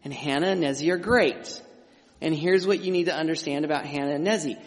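Conversational preacher in a reverberant hall. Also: male voice, on the high side, brisk. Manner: conversational preaching with restarts and emphatic asides. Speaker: pastor. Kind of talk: sermon.

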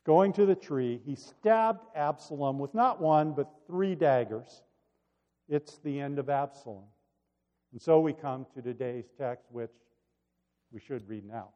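A man preaching a sermon, reading scripture with dramatic delivery and then reflecting quietly. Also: mid-range voice, unhurried. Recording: dull sound with long hall reverb.

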